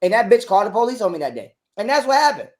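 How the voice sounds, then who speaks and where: A man's voice: sits high, big pitch swings, racing. Profane, ranting man. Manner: profane, ranting, repeats himself, acts out quotes loudly. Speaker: guest telling his side of a breakup. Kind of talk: heated interview talk.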